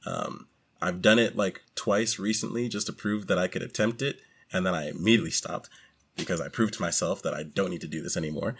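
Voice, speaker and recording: A man's voice: deep voice, brisk, fairly bright tone, slightly rough. A man co-hosting a casual podcast chat, joking with blunt, slangy humor. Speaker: podcast co-host.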